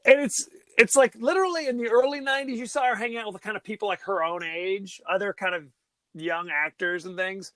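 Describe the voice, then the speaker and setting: A man co-hosting a podcast in casual chat, animated, often mocking actors' line readings. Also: high-pitched, brisk, no echo. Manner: animated, mocks line readings with exaggerated impressions. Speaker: podcast co-host.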